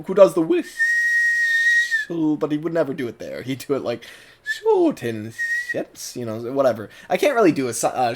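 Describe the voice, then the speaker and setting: A man with a General American accent, giving a rambling casual commentary as a YouTube reviewer, full of fillers and restarts. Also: medium pitch. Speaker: YouTuber reviewing a cartoon dub.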